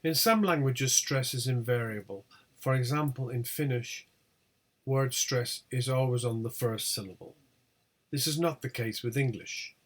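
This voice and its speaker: Guy teaching a pronunciation lesson, saying each word slow and clear, middle pitch. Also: a bit bright. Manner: clear, deliberate delivery, reading out example words one by one. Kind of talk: recorded lecture over slides.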